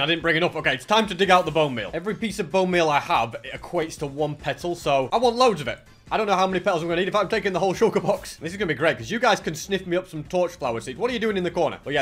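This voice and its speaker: A young man giving casual gameplay commentary, chatty and excitable, thinking aloud as he plays. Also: on the high side. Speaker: gaming channel host.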